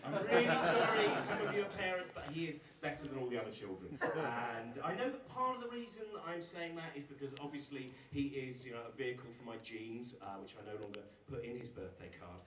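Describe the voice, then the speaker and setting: A man in his forties doing an animated stand-up set, exasperated storytelling with loud outbursts. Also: mid-range voice, fairly quick, few pauses. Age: 40s. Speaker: stand-up comedian. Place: live venue with audience. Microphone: recorded from far off by a phone camera. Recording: echoey, distant phone recording with noise.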